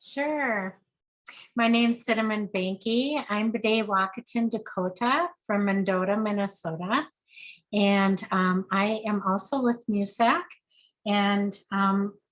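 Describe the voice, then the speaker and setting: A woman introducing herself on a video-call panel in an unhurried, soft-spoken way. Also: mid-range voice, poor audio. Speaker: panel guest.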